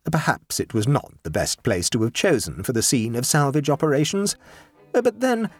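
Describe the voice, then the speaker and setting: A man narrating a classic short story in an expressive way. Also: fairly quick, slightly rough. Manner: expressive, shifting pitch for dramatic beats.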